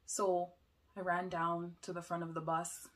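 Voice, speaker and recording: A young woman telling a personal story in an emotional, halting way. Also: lowish voice, completely flat delivery. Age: young adult.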